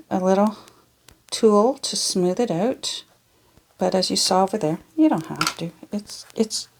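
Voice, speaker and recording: A woman's voice: fairly low pitch, vocal fry, darkish tone, slightly rough. A Canadian woman chatting casually as she works on a craft project in her home studio, rambling and wandering off on tangents. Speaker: junk journal crafter. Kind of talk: casual chat while crafting.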